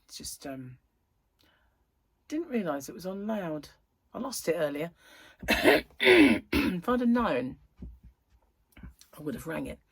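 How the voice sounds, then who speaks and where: A woman vlogging from home in a casual, rambling chat, her voice a little croaky and tired. She sits on the lower side for a woman, and the sound is close and dry with no room echo. She drifts between thoughts and corrects herself mid-sentence. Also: animated, a little slow, pauses often. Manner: rambling, chatty, self-interrupting. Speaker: crochet vlogger. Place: at home, indoors.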